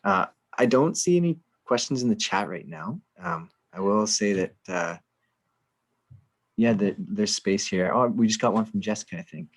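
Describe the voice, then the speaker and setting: A man hosts a live online question session over a video call. His voice is fairly low. He speaks in a relaxed, encouraging way and uses many fillers as he passes along questions. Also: normal speed. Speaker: session moderator.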